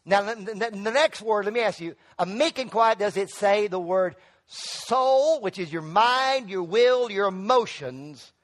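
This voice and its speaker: A middle-aged male pastor preaches at a measured pace in a church sanctuary, his high-pitched voice animated. He calls for the congregation to answer back, rising to loud, emphatic climaxes.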